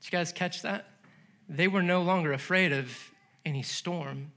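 A male pastor preaching a sermon, animated and laughing as he acts out the story's voices. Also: high-pitched, normal speed. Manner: laughs between lines.

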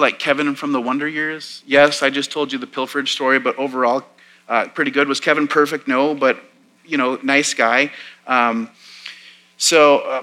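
A man's voice: mid-range voice, sharp tone, low-quality recording. A man in his forties, a pastor preaching a sermon in church, telling a personal story in a chatty, self-deprecating way with plenty of fillers. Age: 40s. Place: church sanctuary.

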